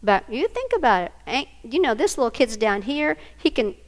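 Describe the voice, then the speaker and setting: Animated grandmother presenting a workshop. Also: fairly high pitch, normal speed. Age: older. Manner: animated, asks the audience questions. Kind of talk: live training talk.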